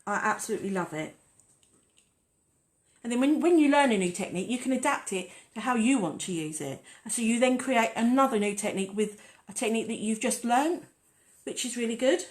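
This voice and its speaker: A woman's voice: fairly high pitch, expressive, a little fast. A woman hosting a casual nail-art tutorial, chatting and rambling as she works on the nails. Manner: chatty, rambling, talks while working.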